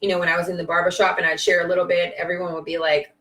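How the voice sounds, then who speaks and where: A woman's voice: lowish voice, level tone, racing, a bit bright. A woman giving a casual spiritual pep talk on a live video, emphatic and repetitive, with bursts of cheering and swearing. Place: at home, on a live stream. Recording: roomy echo from a distance.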